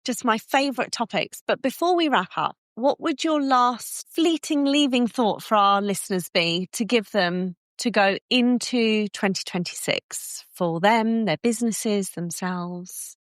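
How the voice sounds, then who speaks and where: A woman's voice: a little high, dry recording. Enthusiastic woman podcast host, dry sound. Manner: quick agreeing replies, enthusiastic. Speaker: podcast host and business coach. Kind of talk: casual interview chat.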